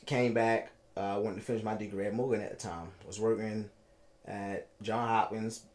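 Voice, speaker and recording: This Baltimore man in his thirties is a podcast guest recounting a personal story haltingly, repeating words and acting out what others said. His voice is lowish and somewhat dark, with a steady tone.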